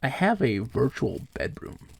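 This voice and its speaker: A male streamer playing a text adventure live, reading the game text aloud and telling rambling, animated stories with lots of fillers. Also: mid-range voice, unhurried, creaky, breathy edge, no echo.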